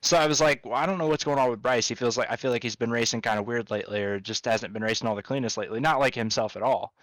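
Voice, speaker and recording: A man's voice: medium pitch, very fast, fairly bright tone, dry recording, rough recording. Rambling podcast host, a man. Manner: rambling, swears freely. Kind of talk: casual podcast chat.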